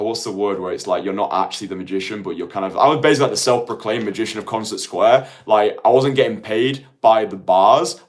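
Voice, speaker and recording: A man in his late twenties, a dating coach talking casually to viewers in a rambling way full of "like". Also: mid-range voice. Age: late 20s. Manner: chatty, rambling, heavy use of "like".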